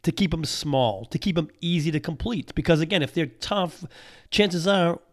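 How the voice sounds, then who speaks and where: A man hosting a motivational show in an upbeat, energetic way, his voice a bit off from being sick and on the mend, repeating his key points. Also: fairly high pitch, normal speed. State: sick voice, recovering. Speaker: podcast host. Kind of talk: motivational talk.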